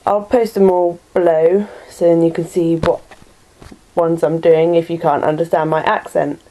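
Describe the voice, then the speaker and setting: Speaking at normal speed in a fairly low, dark, level voice, this Norfolk woman with a local English accent reads a word list during a casual home vlog recorded on her computer webcam. She hesitates a lot, saying um often and making self-deprecating remarks, and the recording is rough.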